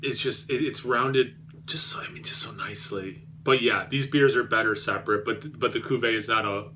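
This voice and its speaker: A man's voice: mid-range voice, moderate pace, pushed and bright, slight background noise. A man reviewing beer on his vlog, rambling and self-deprecating, with many fillers and restarts.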